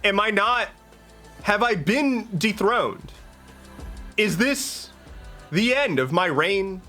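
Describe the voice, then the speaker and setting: A high, shrill princess , as a man puts her on wails melodramatically over her crown, her voice swooping wildly between notes. She is pampered and panicky, a comic bit on a live stream with faint music playing behind. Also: expressive, takes it slowly, bright, forceful tone, heavily acted. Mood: melodramatic panic. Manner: melodramatic, wailing.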